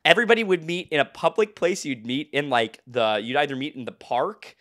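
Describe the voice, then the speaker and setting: A man's voice: on the high side, fairly quick, a bit bright. A man hosting a podcast, telling a story in a rambling, casual way and laughing often. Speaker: podcast host. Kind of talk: casual chat.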